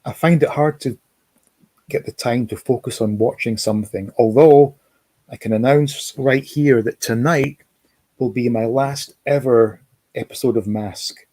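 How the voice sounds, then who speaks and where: A man's voice: mid-range voice, measured pace, dark tone, no room sound. A man hosting a livestream, rambling casually, reading out chat comments and reminiscing. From Scotland. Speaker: livestream host. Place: home, lives in America.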